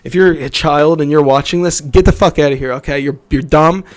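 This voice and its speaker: A man's voice: fairly high pitch, fairly quick. A male podcast host delivering a combative, profane rant.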